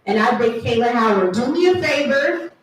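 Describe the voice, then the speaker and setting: A woman's voice: on the high side, expressive, moderate pace, slight background noise. A woman in her thirties doing a playful stand-up comedy set with teasing crowd work at a live event. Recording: echoey room, from far off.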